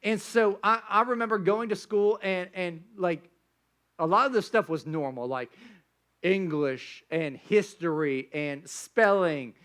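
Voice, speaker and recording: A man's voice: high-pitched, unhurried, a bit bright, smooth. A man preaching a sermon as pastor, telling stories in a casual, joking way with many restarts.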